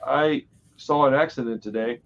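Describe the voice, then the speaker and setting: A man hosting a podcast in casual chat, telling stories with lively acted-out quotes. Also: medium pitch, moderate pace, lo-fi sound, a little hiss or hum. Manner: animated storytelling, acts out quotes loudly. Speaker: podcast host.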